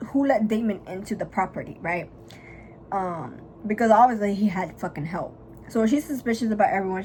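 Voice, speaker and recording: A young woman vlogger chatting casually while doing her makeup, retelling a story in a gossipy, profane, dramatic way and bursting into loud, high laughs. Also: slight background noise, poor audio.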